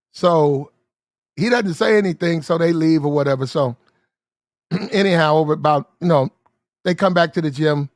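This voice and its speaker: Male storyteller with a high voice and a dry, close sound; casual and animated, acts out the people in his story. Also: moderate pace, long pauses, no room sound. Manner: animated, acts out the characters in the story, clears throat often.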